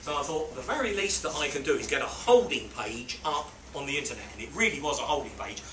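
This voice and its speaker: A man mentoring a small group, telling a business story in a lively way and acting out quotes and beeping sounds. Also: mid-range voice, fast. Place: on a boat. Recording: roomy, distant mic with background noise.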